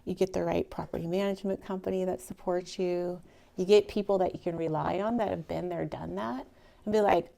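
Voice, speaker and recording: A woman speaks to a live audience in a storytelling talk, her voice carrying a gravelly fry. She is animated and emotional, rising loud and then dropping to a near whisper. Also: on the low side, brisk. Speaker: speaker telling her real estate story.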